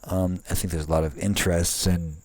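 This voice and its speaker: Speaking fairly quickly with little pitch movement, this low-pitched young vlogger chats casually outdoors at night, and the audio has no echo. He wanders from point to point with frequent fillers and restarts, staying laid-back and swearing here and there.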